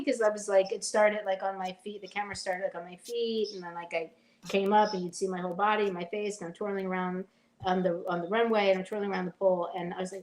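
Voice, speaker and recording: A woman's voice: mid-range voice, fairly even intonation, fast talker, darkish tone, poor audio. A woman in her forties, an actress guest telling stories in a casual interview, chatty and full of "like", acting out what people said. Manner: chatty, fills with "like", acts out quotes.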